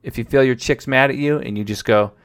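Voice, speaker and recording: A man's voice: mid-range voice, fairly quick, clean tone. A young man hosting a livestream, giving blunt, profane dating advice in casual chat while reading comments from his viewers. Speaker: livestream host.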